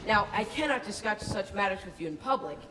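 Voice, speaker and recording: An actor playing a smooth-talking traveling con man who poses as a professor, courtly and persuasive, heard in a roomy, distant, noisy old film soundtrack. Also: high-pitched, expressive, fairly quick.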